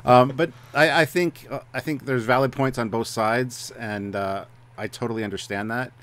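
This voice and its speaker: A man's voice: medium pitch, fairly even intonation, normal speed, a bit bright. A man co-hosting a casual review chat, talking hesitantly with many fillers and restarts. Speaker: co-host of a review show.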